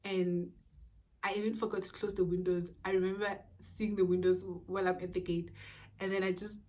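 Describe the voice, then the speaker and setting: A young South African woman vlogger telling a personal story in a casual, animated way, acting out dialogue and dropping to whispers at times. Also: mid-range voice, brisk. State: pregnant.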